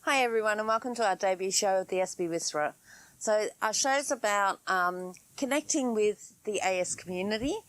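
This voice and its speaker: A woman's voice: medium pitch, dry recording. A woman in middle age tells a personal story as a podcast host, earnest and conversational, filling gaps with ums and you-knows. Her voice sits in a middle register. The recording is dry and close, with no room sound. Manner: earnest, conversational, frequent fillers. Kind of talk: storytelling monologue.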